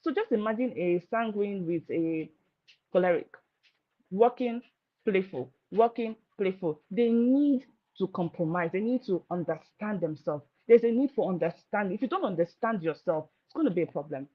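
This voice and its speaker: A married woman giving informal marriage advice, telling stories with lively delivery and acting out what people said. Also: mid-range voice, moderate pace. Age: adult, married. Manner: lively storytelling, acting out quoted voices. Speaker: marriage speaker. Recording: dull lo-fi sound.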